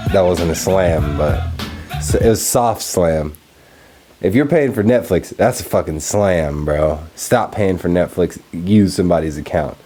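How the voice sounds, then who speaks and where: Young male podcast host, casual profane rant, very lively intonation. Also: low voice. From Texas. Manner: profane, animated, laughs often.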